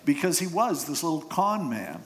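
A man's voice: fairly high pitch, sing-song, moderate pace. A man preaching, retelling scripture with casual humor and jokes. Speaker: pastor. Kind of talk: sermon.

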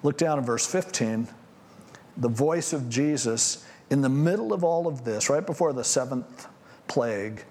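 A man pastor preaching a conversational sermon on scripture, animated and acting out what people might say. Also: medium pitch, moderate pace, vocal fry.

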